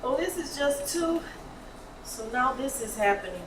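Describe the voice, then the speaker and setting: A woman's voice: high-pitched, animated. An actress playing a stressed woman manager brushing off her ex in a staged comedy reading. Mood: exasperated. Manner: exasperated, brisk. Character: Diana, harried woman DMV manager. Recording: roomy hall, audience noise, far mic.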